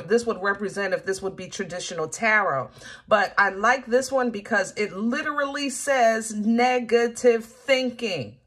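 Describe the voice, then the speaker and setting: Lady doing a tarot reading, kinda high voice, slow and punchy, keeps repeating herself. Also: a bit bright, breathy edge. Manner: emphatic, repeats warnings, laughs often. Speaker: tarot reader. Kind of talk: casual tarot reading to camera.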